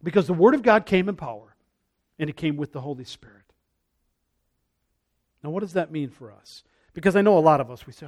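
A man with a notably high voice preaches in a relaxed, conversational way. He is earnest and circles back to the same phrases, and he sinks to a near-whisper when he turns to prayer. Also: fairly quick. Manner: earnest, repeats phrases, drops to a hush for prayers. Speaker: pastor. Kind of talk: conversational sermon.

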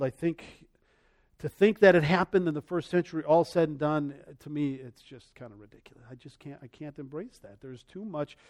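High-voiced animated preacher man. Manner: animated, swings between loud and soft; acts out quoted voices. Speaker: pastor. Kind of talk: sermon.

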